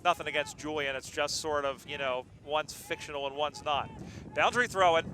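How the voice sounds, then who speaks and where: A man calling an amateur football game live, joking between plays and getting excited on big moments. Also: a little high, fairly quick, a little hiss or hum. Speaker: play-by-play commentator. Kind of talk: live sports commentary.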